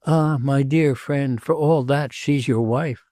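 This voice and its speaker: Old woman in a storybook, weary and flat-spoken, gravelly and dark, voiced by a male reader. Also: medium pitch, measured pace, no echo. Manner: dry, tired, refusing. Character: elderly woman, weary and blunt.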